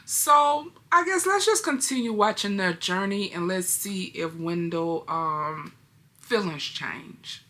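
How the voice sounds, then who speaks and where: A woman's voice: medium pitch, expressive, takes it slowly, bright, forceful tone. A young adult woman hosting a reaction video, chatting casually to her viewers and laughing often.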